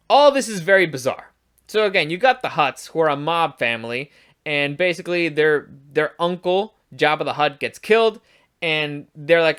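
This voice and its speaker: A man's voice: fairly high pitch, lively intonation, moderate pace, fairly bright tone, clean tone. A man giving a casual, profane review of a show, rambling and restarting as he rants in exasperation. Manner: exasperated, ranting.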